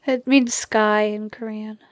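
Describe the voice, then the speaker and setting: A woman's voice: mid-range voice, flat delivery, a little slow, no room sound. Tired woman with a migraine, dry close sound. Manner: soft, tired, coos at her dogs. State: suffering a migraine. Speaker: vlogger. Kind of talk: casual vlog talk to camera and dogs. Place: at home indoors.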